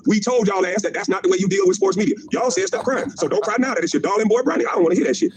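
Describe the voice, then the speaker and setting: Heated, high-pitched ranting man. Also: very fast, a crowd in the background, poor audio. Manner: profane, mocking, combative; repeats punchlines and laughs at his own jabs. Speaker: former pro basketball player ranting on a stream. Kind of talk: heated livestream rant.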